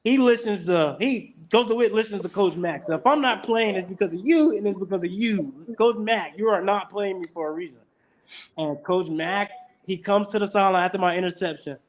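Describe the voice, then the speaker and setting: High-pitched and a little fast, this young man is a college football player sharing stories on a casual podcast. He's lively about it, acting out every quote.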